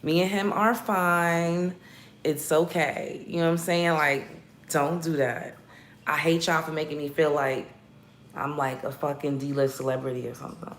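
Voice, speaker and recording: A woman's voice: low voice, steady tone, a little slow, a little hiss or hum. A woman hosting a casual livestream, chatting with her viewers in a blunt, profane and playful way. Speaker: livestream host talking battle rap. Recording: roomy echoey room.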